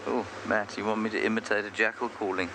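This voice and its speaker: Safari guide guy talking on a live drive, kinda low voice, wind and engine noise all over. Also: flat delivery, fast. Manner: chatty, self-deprecating. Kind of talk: live game drive commentary. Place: outdoors in an open safari vehicle. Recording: outdoor noise from a moving vehicle.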